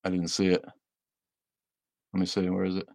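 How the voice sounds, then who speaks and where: Low-voiced, blunt livestream host. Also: male voice, completely flat delivery, normal speed, vocal fry, darkish tone, dry recording, clean studio sound. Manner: blunt and sardonic, frequent fillers and laughs. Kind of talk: casual livestream chat, reading comments aloud.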